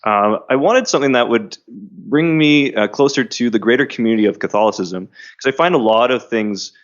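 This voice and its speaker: A man speaking as a podcast guest, earnest and quick to laugh. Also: mid-range voice, lo-fi sound. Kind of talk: casual interview.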